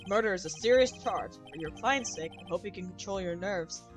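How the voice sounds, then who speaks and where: Casting: woman putting on a stern, formal elderly judge, pitched down and kept quiet, faint music behind. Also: expressive, recorded from a distance, close to an everyday voice. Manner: slow, formal, lowered old-man voice. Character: elderly male judge, stern but patient. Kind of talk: game dialogue read aloud.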